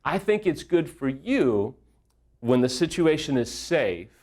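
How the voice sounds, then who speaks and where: A man's voice: on the high side, big pitch swings, slow pace, a little mellow. Earnest man telling a candid personal story. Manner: earnest, candid, self-deprecating. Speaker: affair recovery speaker. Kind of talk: personal story told to viewers.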